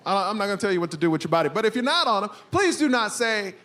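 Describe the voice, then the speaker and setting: A man in his thirties doing an animated stand-up set on stage, telling a story with crude punchlines into a handheld mic. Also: high-pitched, racing. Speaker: stand-up comedian. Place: comedy stage before an audience. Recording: live stage recording with background noise.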